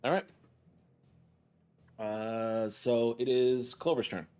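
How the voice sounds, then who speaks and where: A man's voice: medium pitch, fairly even intonation, slow pace, darkish tone, clear, resonant tone. A man running a tabletop game as dungeon master, making matter-of-fact rules calls with many "uh"s.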